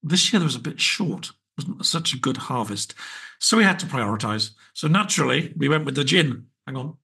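Gravelly, husky British man hosting a podcast. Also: medium pitch, expressive, moderate pace, bright, forceful tone. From Britain. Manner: chatty, wry, rambling with fillers. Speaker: podcast host. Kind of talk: casual solo podcast chat.

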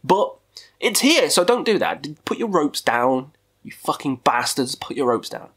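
A man's voice: fairly high pitch, very animated, measured pace, fairly bright tone, breathy edge. A man hosting a casual video countdown, talking in a profane, goofy way with jokey asides. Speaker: metal music YouTuber.

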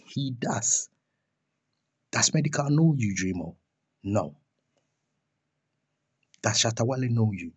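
A man's voice: medium pitch, breathy edge, dry recording. A young man ranting in a vlog about a music feud, scornful and firing off rhetorical questions and insults. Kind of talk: heated rant vlog.

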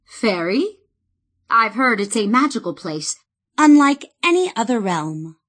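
A woman voicing a calm young male king in an audiobook, in a steady, reassuring tone. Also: on the high side, a little slow, full character voice. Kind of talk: audiobook reading.

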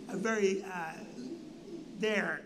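A man's voice: high-pitched, slow. An older man, a comedy club owner, telling a comic story and acting out the people in it. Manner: animated, does voices of people in his story. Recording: noisy live-stream audio.

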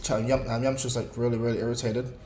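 A man's voice: mid-range voice, level tone, quick pace, darkish tone. A man casually narrating a fan story in a rambling way, with filler words. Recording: echoey room, faint music.

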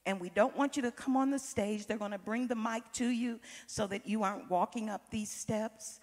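A woman hosting a church program, making slow, formal announcements and speaking warmly to the honoree. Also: a little high. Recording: long hall reverb.

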